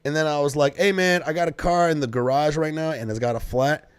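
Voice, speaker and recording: A man's voice: on the high side, fairly quick, clear, resonant tone, no room sound, clean studio sound. A man telling stories in a casual podcast chat, swearing freely and acting out what people said. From Detroit. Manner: animated, swears often, acts out quotes. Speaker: podcast guest, comedian.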